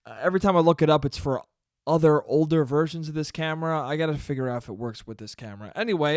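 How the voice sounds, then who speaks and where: A man's voice: a little high, no echo, clean studio sound. A young man hosting a casual solo podcast, ranting animatedly and swearing as he acts out conversations. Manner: animated, swears, mimics people in quoted asides. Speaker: podcast host. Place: small room, recording himself on camera.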